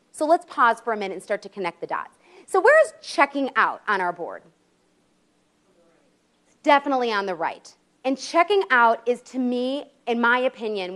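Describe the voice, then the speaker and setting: Upbeat woman giving a workshop talk. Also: fairly high pitch. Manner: upbeat storytelling with audience questions. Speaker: life coach speaker. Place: conference room with live audience.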